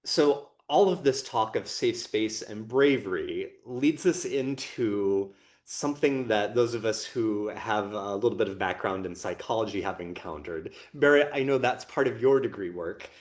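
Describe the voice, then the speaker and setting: A man co-hosting a podcast, talking expansively about performance training and emotions in a relaxed conversational way. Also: on the low side, normal speed. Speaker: podcast co-host.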